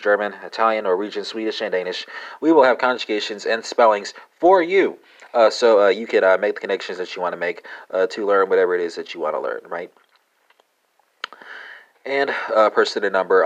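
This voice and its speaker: A man's voice: deep voice, dull audio. A man hosting a language lesson podcast, speaking off the cuff with many "uh" fillers and spelling words out letter by letter.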